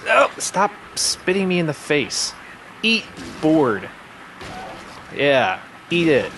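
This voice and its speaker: A man's voice: fairly high pitch, big pitch swings, takes it slowly, a bit bright, a little hiss or hum. A man hosting a casual gameplay chat, reacting to the game in a laid-back way. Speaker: host playing a video game.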